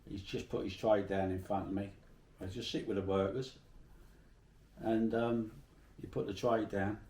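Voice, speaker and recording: A man's voice: on the low side, fairly even intonation, moderate pace, mellow, roomy sound, distant mic. A middle-aged man from Bermondsey with a South London accent, telling salty stories in a casual interview. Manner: chatty, salty, swears freely while telling anecdotes.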